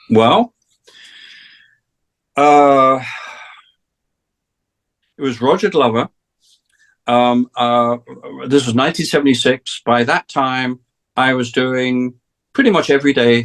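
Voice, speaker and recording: A man's voice: mid-range voice, slow pace, pauses often, a bit bright. A man in his sixties with an English accent, a guest on a talk show, telling long stories about his career and restarting his sentences often. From England. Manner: rambling, many restarts, acts out quoted voices. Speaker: guest, session drummer. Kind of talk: casual storytelling interview.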